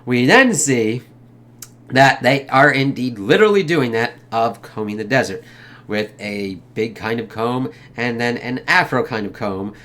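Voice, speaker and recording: A man's voice: medium pitch, expressive, unhurried, a bit bright. A man giving a casual spoken movie review, rambling loosely, swearing a lot and laughing often.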